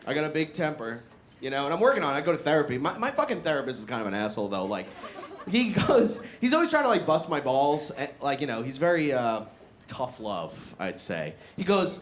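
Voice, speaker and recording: At a comedy club set up in a barbershop, a young man delivers a profane stand-up set, brisk and very animated, laughing as he lands each punchline. His voice runs on the high side, and the echoey recording carries audience noise.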